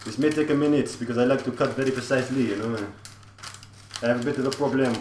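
A man's voice: medium pitch, fairly even intonation, quick pace, echoey room, distant mic, background noise, close to an everyday voice. A man playing a crude, swearing French TV chef with a thick put-on French accent, rambling through a comic live-stream cooking show. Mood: grumbling. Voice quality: thick fake French, filler-heavy, constant swearing.

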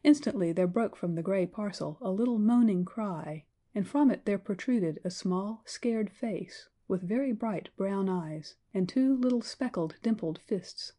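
Mellow woman reading an audiobook. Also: medium pitch, a little slow, hardly any pauses. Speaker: audiobook narrator. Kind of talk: scripted narration.

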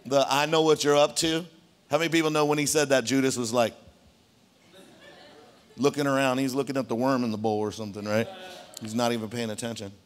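A man preaching a sermon in a church, conversational and animated, often checking in with the congregation. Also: medium pitch, fast talker, long pauses. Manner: conversational, animated, frequent "right?" asides. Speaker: pastor.

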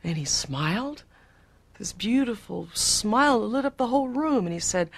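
A woman's voice: medium pitch, lively intonation, moderate pace, creaky. A woman in an archival interview, earnestly recounting a personal experience.

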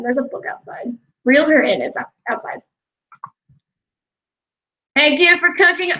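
Young female gameplay narrator, high and bright tone, unhurried and giggly. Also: expressive, muffled recording. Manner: giggly, chatty, often laughing. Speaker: gameplay vlogger. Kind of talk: casual gameplay commentary.

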